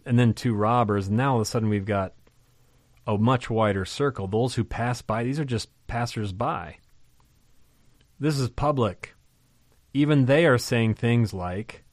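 A man with a fairly low voice lectures on a scripture passage, reading it aloud and commenting in a loose, conversational way. He leans hard on his points and keeps asking rhetorical questions. The sound is dry, with almost no room echo. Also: darkish tone. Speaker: Bible teacher.

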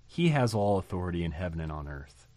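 A man's voice: low-pitched, sing-song, quick pace, warm tone, no room sound. A man preaching a sermon, emphatic and full of rhetorical questions, with sudden rising bursts. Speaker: pastor.

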